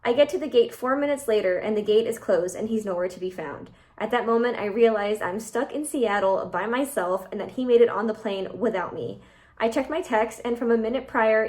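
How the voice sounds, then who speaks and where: A woman reading online posts aloud and reacting to them in casual, animated commentary as a channel host. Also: on the high side.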